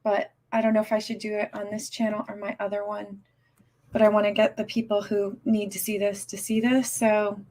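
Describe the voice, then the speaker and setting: A woman ranting on her live stream, upset and agitated, talking in halting bursts with lots of restarts and swearing. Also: medium pitch, little pitch movement, a little mellow. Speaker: livestreamer. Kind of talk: casual live-stream rant.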